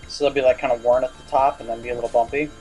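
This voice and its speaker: A young man co-commenting on a game over a voice call, chatty and quick to laugh, explaining his ideas at length. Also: medium pitch, little pitch movement, music in the background. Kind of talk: casual gaming commentary.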